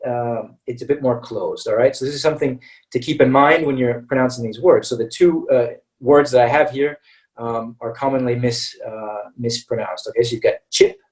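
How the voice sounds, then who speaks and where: Man, american accent, webinar pronunciation teacher, patient, says "okay?" a lot, mid pitch, a bit far from the mic. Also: a little mellow. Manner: patient, checks in with "okay?" after nearly every phrase; slows down to model vowel sounds. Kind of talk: webinar lesson.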